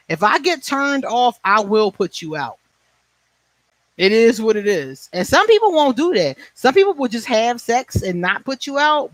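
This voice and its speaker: A man's voice: high voice, fairly bright tone, no echo. A man in his forties hosting a casual livestream chat, telling stories bluntly and profanely, laughing often and answering viewers by name. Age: 40s. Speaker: livestream host.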